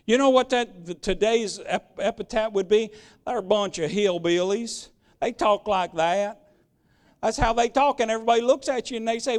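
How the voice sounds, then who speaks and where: A man's voice: high voice, normal speed. A man preaching a sermon in a plain-spoken, direct and emphatic way, often repeating words as he searches for the next one.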